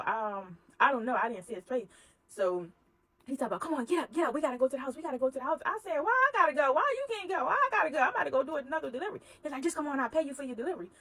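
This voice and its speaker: A woman telling a personal story in casual chat, acting out the dialogue with animated energy. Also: on the high side, husky, rough recording.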